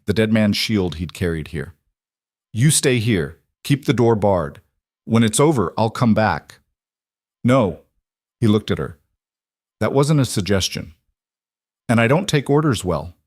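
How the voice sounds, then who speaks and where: Guy with a lowish voice narrating a dramatic story, dry close sound. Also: darkish tone, no room sound. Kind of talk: scripted narration.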